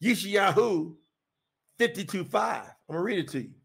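A man's voice: high-pitched, animated, moderate pace, gravelly, long pauses, breathy edge. A man teaching scripture on a podcast in a conversational, emphatic way, often repeating phrases. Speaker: podcast preacher.

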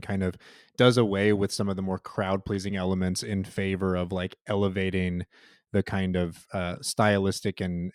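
A man's voice: low-pitched, a little mellow, no echo, studio quality. A man co-hosting a podcast, discussing a film in a hedging, filler-heavy way. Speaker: podcast co-host.

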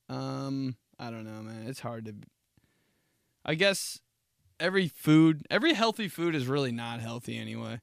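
A man's voice: mid-range voice, very animated, moderate pace, gravelly, fairly bright tone, no echo, clean studio sound. Crude, rambling comic male podcaster. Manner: crude, rambling, jokey storytelling. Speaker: podcast host. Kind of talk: casual comic monologue.

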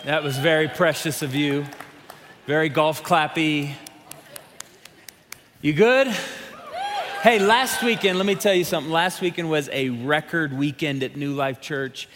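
A man preaching a sermon to his congregation, telling stories with lively quoted voices before reading scripture. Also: on the high side, unhurried, pauses often, some chatter behind, slight background noise. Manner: lively, animated storytelling with quoted characters. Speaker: pastor. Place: large church sanctuary. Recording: long hall reverb.

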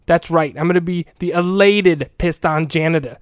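A man's voice: fairly high pitch, moderate pace, clean tone, dry recording, natural voice. A man playing a profane lovesick old janitor. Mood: lovesick rambling. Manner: rambling, profane, earnest. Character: crude lovesick older male school janitor. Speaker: comedic character monologue. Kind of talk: comic in-character monologue.

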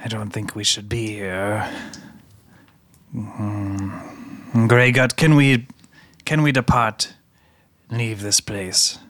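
A man's voice: lowish voice, steady tone, extremely slow, long pauses, a bit bright, no room sound. A man playing a tabletop game, speaking hesitantly and with stammers. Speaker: player.

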